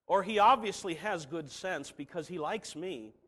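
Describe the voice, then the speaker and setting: A middle-aged man preaching a sermon, swinging from soft asides to emphatic declarations. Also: high voice, normal speed.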